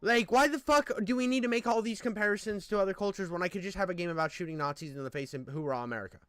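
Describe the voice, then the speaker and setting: Ranting at a video, this young man swears, sounds exasperated, and keeps restarting his sentences amid plenty of fillers in heated, casual commentary. He speaks rapid-fire in a high, smooth voice with a fairly bright tone, recorded dry.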